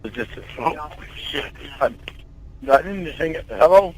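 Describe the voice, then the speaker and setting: A man on a private phone call, holding back tears, halting and repeating himself and swearing often. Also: fairly high pitch, lively intonation, background noise. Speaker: caller.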